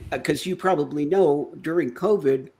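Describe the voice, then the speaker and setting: A man's voice: fairly high pitch, normal speed, darkish tone. Matter-of-fact man co-hosting a chat. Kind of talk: casual political chat.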